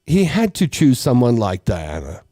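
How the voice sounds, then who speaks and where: A man's voice: medium pitch, unhurried, dry recording. A South African man hosting a comedy talk radio show, joking through listener messages and slipping into Afrikaans. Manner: animated, jokey, breaks into voices and laughter; mixes English with Afrikaans.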